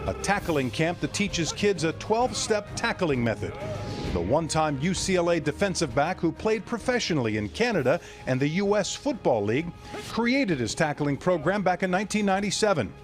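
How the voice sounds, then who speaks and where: A man's voice: a little high, moderate pace, music in the background. A male TV news reporter reading a scripted voice-over report. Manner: lively scripted narration.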